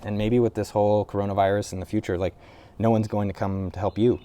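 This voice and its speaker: Host, male, slightly low voice, telling a raw personal story in a casual, rambling way. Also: flat delivery, quick pace, dark tone. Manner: loose and conversational, with frequent "like" fillers and casual swearing. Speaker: entrepreneur video host. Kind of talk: candid personal storytelling to camera.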